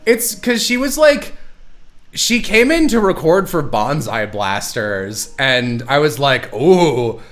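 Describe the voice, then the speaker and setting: A man's voice: on the high side, very animated, slow, a bit bright. A man hosting a casual livestream chat, retelling stories with lots of laughter and quoted voices. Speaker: show creator and stream host.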